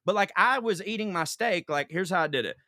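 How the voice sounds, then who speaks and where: Man, podcast host, high pitch, dry close sound, profane storyteller. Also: expressive, fairly quick, bright, forceful tone, dry recording. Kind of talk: casual comedic chat.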